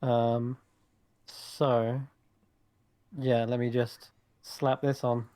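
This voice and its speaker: Brief: male game master, mid-pitched and dry-sounding, halting descriptive narration. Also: flat delivery, dark tone, no room sound. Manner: hesitant narration with many fillers.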